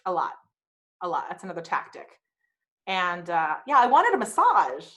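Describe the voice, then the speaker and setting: A woman's voice: on the low side, very animated, normal speed, a bit bright. A woman hosting her own podcast, telling a personal story frankly with swearing and wry asides. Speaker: podcast host.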